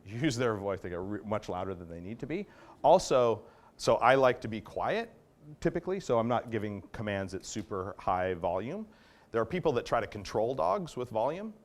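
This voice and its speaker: Man, slightly low voice, dog trainer, workshop lecture, casual explaining, checks in with listeners. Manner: acts out commands in varied tones.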